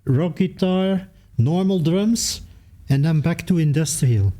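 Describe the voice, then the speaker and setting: A man's voice: on the high side, lively intonation, slow, warm tone. An older man, the host's father, chiming in with short remarks during a music reaction and tagging lines with "eh?". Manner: short remarks, tags sentences with "eh?". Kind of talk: casual music reaction chat.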